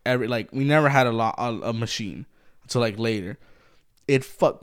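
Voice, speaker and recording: A man's voice: mid-range voice, fairly quick, smooth. A man co-hosting a podcast in casual chat, blunt and swearing constantly, with lots of "like". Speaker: podcast co-host.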